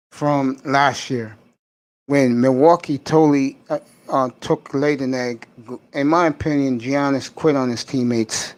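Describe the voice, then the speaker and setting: A man's voice: medium pitch, no echo. A man hosting a casual sports talk show, giving emphatic, opinionated picks and speaking straight to the fans.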